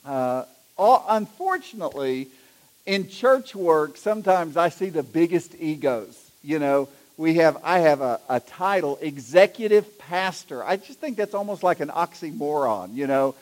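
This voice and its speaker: A man's voice: fairly high pitch, measured pace. A middle-aged man, an executive pastor, preaching a sermon in a folksy, storytelling way. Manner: folksy, anecdotal, animated when telling jokes.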